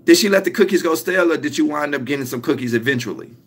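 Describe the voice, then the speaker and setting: A man's voice: fairly high pitch, lively intonation, very fast, breathy edge. A young man giving a motivational talk, emphatic and repetitive, stretching out his key lines. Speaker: motivational speaker.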